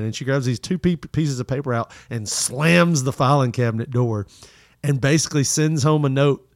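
A man telling childhood stories in casual chat, animated and profane, putting on voices for the people in them. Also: mid-range voice, a little fast, dry recording, clean studio sound.

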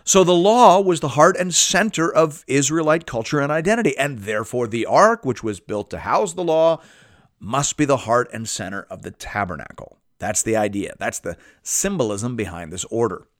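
A man teaching a Bible study, reading scripture aloud and explaining it in a measured way with lively emphasis. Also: medium pitch, no room sound, clean studio sound.

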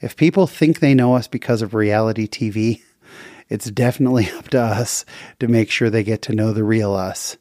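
A man from the western United States hosting a podcast, earnestly retelling a faith story with lively jumps in pitch. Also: no room sound, studio quality. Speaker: podcast host.

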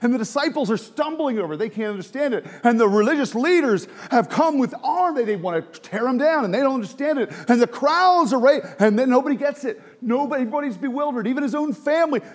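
A man's voice: very high voice, expressive, fast talker, hardly any pauses. A man preaching a sermon, emphatic and full of rhetorical questions, sometimes dropping to a near whisper.

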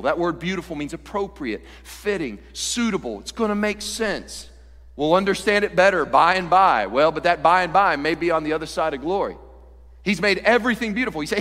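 Animated preacher with a ringing voice. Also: male voice, high-pitched, normal speed, big-room sound. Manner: animated, swings from loud to hushed, acts out quotes. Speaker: pastor. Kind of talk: sermon.

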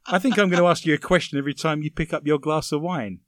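A man's voice: on the high side, fast talker, heavy background noise. A man hosting a comedy podcast, reading odd news stories with dry jokey asides. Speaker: podcast host.

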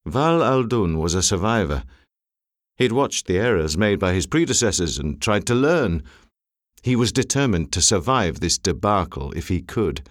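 A man narrating an audiobook in a measured, expressive storytelling manner, close to a studio mic. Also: low voice, dry recording. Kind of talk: scripted narration.

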